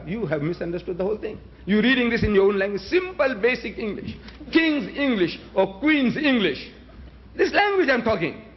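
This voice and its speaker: Man, Gujarati speaker, fairly high voice, rhetorical debate speaker on a dull lo-fi recording. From South Africa. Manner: emphatic, rhetorical, challenges the audience with questions. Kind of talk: public debate address.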